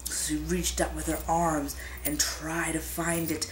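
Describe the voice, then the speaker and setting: A woman reading a scary story aloud in a suspenseful, drawn-out way, whispering the sound effects. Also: low-pitched, level tone, background noise. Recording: echoey room with music behind.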